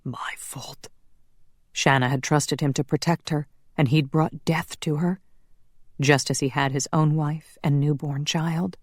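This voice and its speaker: Low-voiced woman narrating an audiobook. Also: steady tone, a little slow, no room sound, studio quality.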